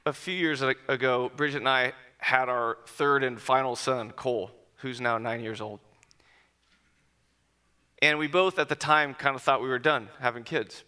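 A man in his forties telling personal stories to an audience, lively at first and then quiet and reflective. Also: medium pitch, clear, resonant tone. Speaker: speaker addressing an audience. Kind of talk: personal storytelling talk.

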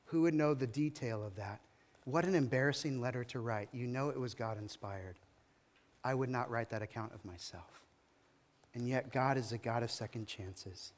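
A man's voice: medium pitch, moderate pace, long reverb tail. A male pastor preaching a sermon in a church, telling the story emphatically with dramatic rises and falls. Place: church hall.

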